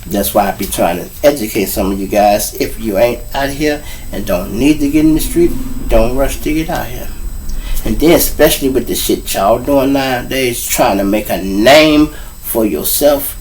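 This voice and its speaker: A man with a Chicago accent tells hard street stories in a rambling, profane monologue, turning to his listeners again and again. His voice sits at a middle pitch. He is a little distant from the mic, with a faint hiss of noise behind him. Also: moderate pace, a little mellow. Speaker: host.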